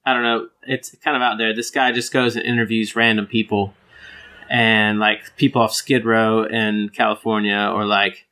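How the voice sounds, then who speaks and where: A young man from Georgia in the United States co-hosting a podcast, joking in a relaxed, laid-back way. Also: on the low side, moderate pace. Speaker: podcast co-host. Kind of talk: casual banter.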